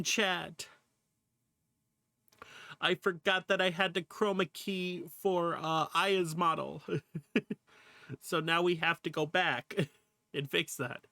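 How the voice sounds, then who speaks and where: A male streamer in a relaxed livestream chat, talking slowly and sitting a bit higher in pitch than most men. He laughs a lot, swears casually and calls out at the screen. The sound is dry and close, with no room echo.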